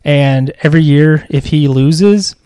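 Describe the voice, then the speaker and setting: A man's voice: fairly high pitch, measured pace, warm tone, clean tone, no echo, clean studio sound. A man co-hosting a podcast, answering trivia in a confident, joking, chatty way with plenty of fillers. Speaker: podcast co-host. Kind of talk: casual podcast chat.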